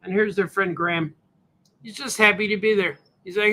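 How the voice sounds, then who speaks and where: A man's voice: high voice, fairly even intonation, normal speed, bright, forceful tone. A man, a cartoonist, chatting casually and rambling on a livestream while showing his comic pages, often saying "hey, man.". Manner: laid-back, rambling, says "hey, man" a lot.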